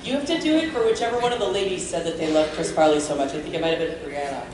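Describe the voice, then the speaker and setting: A woman's voice: deep voice, rapid-fire, noisy background. A woman fan asking a giggly, chatty question at a convention panel, recorded from afar in a large hall. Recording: distant, echoey convention hall.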